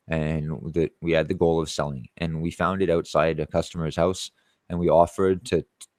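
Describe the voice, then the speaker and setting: A tree-cutting contractor with a deep, low voice and a darkish tone speaks directly to camera in a casual vlog, rambling and boasting with swearing in almost every line. The audio is dry and close, with no echo or surrounding room.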